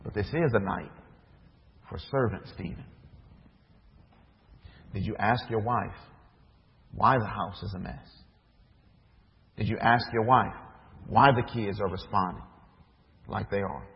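A man's voice: lowish voice, a little slow, vocal fry, pauses often. A man, a minister, preaching a sermon, telling a story with acted-out dialogue and rhetorical questions. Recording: dull echoey hall recording.

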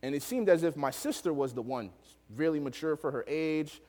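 Animated preacher in an echoing hall. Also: male voice, fairly high pitch, moderate pace. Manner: animated, laughs often, acts out voices in the story. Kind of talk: storytelling sermon.

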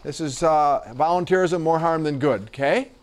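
A male teacher lectures a small class with a fairly high voice. He stumbles over his words, doubling them up and leaning on fillers. He sounds like he is in a classroom. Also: moderate pace. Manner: hesitant, repeats words and fillers. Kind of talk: classroom lecture and reading aloud.

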